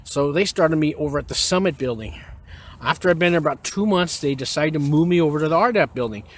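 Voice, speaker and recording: A man's voice: fairly high pitch, expressive, fast talker. A man who served time in prison, casually telling his story to camera in a frank, rambling way, with many fillers and restarts. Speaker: former inmate giving prison advice.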